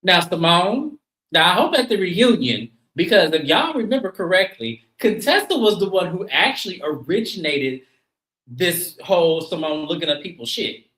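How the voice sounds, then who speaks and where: A co-host recapping a TV episode in casual chat, animated and acting out the quotes. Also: mid-range voice, normal speed, roomy sound, low-quality recording. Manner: animated storyteller who acts out the quotes.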